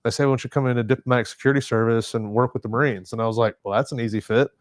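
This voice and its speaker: A man's voice: mid-range voice, fairly even intonation, very fast, no echo, clean studio sound. A man in his forties, a veteran guest telling his story in a casual interview, rambling with fillers and restarts. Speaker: podcast guest, Marine veteran. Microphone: desk podcast mic.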